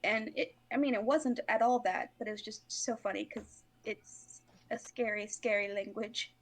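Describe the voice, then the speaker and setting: A woman's voice: a little high, steady tone, normal speed. A woman playing a tabletop game, chatting casually and telling a story with lots of "like". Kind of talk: casual chat.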